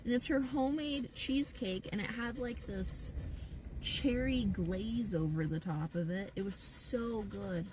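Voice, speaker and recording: Woman, live streamer, casual rambling chat, inside a car, fairly high voice, distant mic. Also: measured pace, a little mellow, a little hiss or hum. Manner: chatty and rambling, heavy use of "like".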